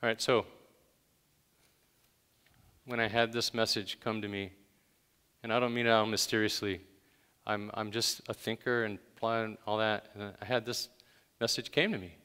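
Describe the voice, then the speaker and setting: A man's voice: fairly low pitch, level tone, moderate pace, pauses often, pushed and bright, smooth, long reverb tail. A man preaching a sermon in a conversational way, with sudden emphatic bursts. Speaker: pastor.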